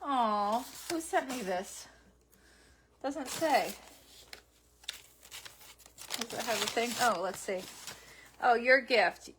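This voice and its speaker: A woman vlogger chatting casually to camera as she opens fan packages, talking softly with many pauses and fillers. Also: fairly high pitch. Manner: soft, halting and tearful, with many fillers. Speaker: vlogger opening fan mail. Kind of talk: casual unboxing chat to camera. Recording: faint background noise with package crinkling.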